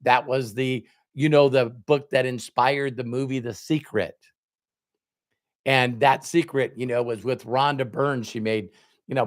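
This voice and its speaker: A middle-aged man, a motivational speaker, telling a personal story to an audience and acting out both sides of a conversation. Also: mid-range voice. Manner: animated storyteller, acts out both sides of dialogue.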